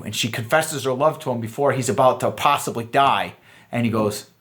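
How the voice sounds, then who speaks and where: A man in his thirties giving a casual dating lesson, animated, acting out quoted lines in shifting voices. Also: mid-range voice, normal speed. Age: 30s. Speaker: dating coach.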